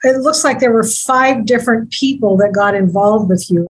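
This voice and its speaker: A woman hosting an interview, calmly and methodically summing up the story and asking follow-up questions. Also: fairly high pitch, moderate pace, husky, poor audio. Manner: calm, methodical recapping and questioning. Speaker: host.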